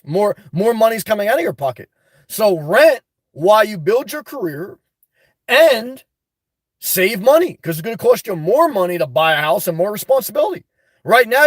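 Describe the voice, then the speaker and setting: A man hosting a livestream from inside his car, reading out viewer comments and answering bluntly, often breaking into loud, laughing rants. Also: high-pitched, dry recording, studio quality. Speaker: livestream host. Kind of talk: live-stream chat reading.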